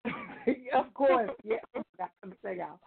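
Gravelly-voiced woman telling an excited story. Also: on the high side, brisk. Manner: excitable storyteller, laughs often. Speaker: guest author. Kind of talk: casual chat. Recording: phone-like call audio.

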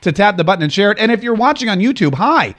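Guy doing a jokey self-mocking rant on his home show, voice sits kinda high. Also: very animated, quick pace, fairly bright tone. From Jacksonville, Florida area. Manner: joking, self-mocking, rambling. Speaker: radio and podcast host. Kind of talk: casual comedic monologue. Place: home broadcast studio.

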